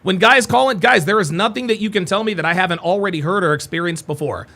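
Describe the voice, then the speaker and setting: A man's voice: high voice, fast, bright, forceful tone. A man hosting a live reaction stream, talking bluntly and mockingly and swearing freely as he comments on a debate clip.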